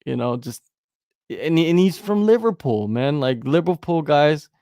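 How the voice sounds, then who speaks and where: Gravelly joking man on a podcast. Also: a little high, unhurried, dry recording, clean studio sound. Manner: animated, riffs on jokes, repeats himself for emphasis. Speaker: podcast co-host. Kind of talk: casual chat.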